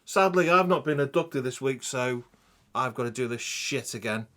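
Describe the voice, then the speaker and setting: A man's voice: medium pitch, animated, normal speed, bright, forceful tone. A man hosting a crude comedy podcast, teasing his co-hosts in a mock-dramatic, sweary way. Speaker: podcast host.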